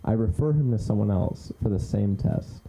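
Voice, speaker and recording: A man's voice: lowish voice, animated, moderate pace, vocal fry, mellow, a little hiss or hum, rough recording. A man doing stand-up storytelling at an open mic, brash and loose with plenty of swearing. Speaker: stand-up comic. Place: small comedy club stage.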